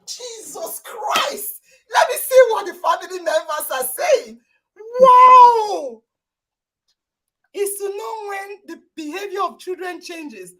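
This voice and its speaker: A woman hosting a live online talk show over a video call, exclaiming and praising loudly as she quizzes her listeners. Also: very high voice, sing-song, moderate pace, hardly any pauses. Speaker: podcast host.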